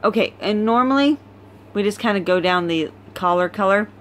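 Filmed at home on a phone, this woman is a weary dog breeder giving a relaxed tour of her puppy litter. She speaks at a medium pitch, slowly and chattily, with a little hiss or hum in the recording.

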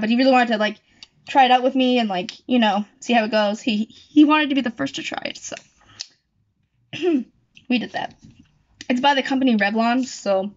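Young woman, high voice, chatty and rambling, often corrects herself; dull lo-fi home recording. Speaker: YouTuber. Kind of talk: casual chat.

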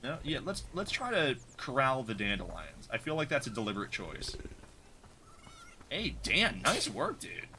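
A man's voice: medium pitch, huge pitch swings, normal speed, bright, forceful tone, slight background noise. A man streaming a game live, chatting casually, reacting aloud and greeting viewers in chat. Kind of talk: live gameplay commentary.

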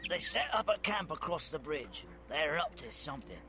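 A scout caught behind a locked gate, his voice pitched high and swinging up and down with energy. He talks brisk and informal. Game music plays clearly behind him. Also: big pitch swings. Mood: briefing. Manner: brisk, informal calls for help. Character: trapped male scout, urgent and breezy. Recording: game audio over music.

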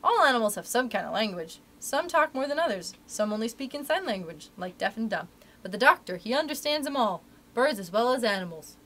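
A woman's voice: on the high side, bright, forceful tone, a little hiss or hum. A woman reading aloud, voicing a chatty, folksy male cat's-meat seller who talks in a rustic way. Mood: confiding. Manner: folksy rustic talk, dropped letters. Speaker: library story reader.

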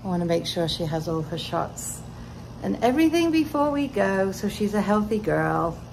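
A woman's voice: mid-range voice, big pitch swings, normal speed, vocal fry. A British woman vlogging casually while emptying her house, tired and chatty with an emotional edge. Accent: British English. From Britain. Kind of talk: casual vlog chat. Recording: noisy home recording.

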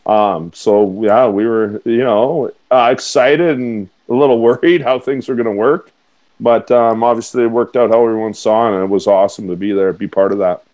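A man's voice: on the low side, normal speed, darkish tone. Laughing man telling hockey stories. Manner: laughs through anecdotes, acts out quotes. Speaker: guest, former hockey player. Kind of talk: casual storytelling.

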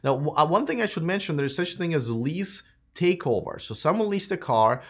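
A man hosting a live stream, chatting casually with lots of fillers and restarts, his voice a bit hoarse from a sore throat. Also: fairly high pitch, animated, brisk, highs cut off. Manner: rambling, many fillers and restarts. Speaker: livestream host.

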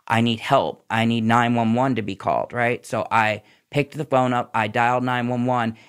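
With a clean, fairly bright, mid-range voice, a man tells a podcast host about his recovery. He's a former nurse, and his telling is candid and tumbling, running one story into the next.

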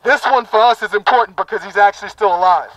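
A man with a high voice leads a prayer at an outdoor rally. He speaks fervently in rhythmic, repeated phrases, and his voice comes through dry and close. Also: fast talker, fairly bright tone, dry recording, dull audio. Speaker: protest speaker leading a prayer. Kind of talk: impassioned rally speech. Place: outdoor town plaza.

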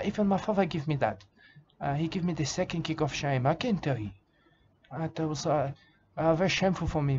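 A man playing a rambling, drunk bushman who talks in halting broken English, full of "uh" and repeated phrases, in an improvised comedic monologue, on a slightly dull lo-fi recording with faint hiss. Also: fairly high pitch, a little mellow, close to an everyday voice. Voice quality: broken grammar, calls listener "mate". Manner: halting, lots of "uh" and repeated "I can tell you".

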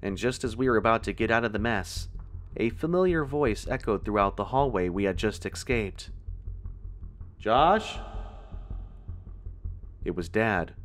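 Man, horror story narrator, lowish voice, tense measured delivery. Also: animated.

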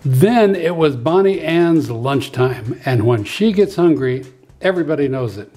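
A man and preschool teacher reading a children's story aloud in an expressive, lively way, with faint music behind. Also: a little high, a little slow.

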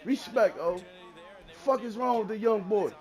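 A man streaming a football video game, taunting his opponent loudly and repeating phrases, dropping from shouts to mutters. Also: high-pitched, measured pace. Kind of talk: live gameplay trash talk.

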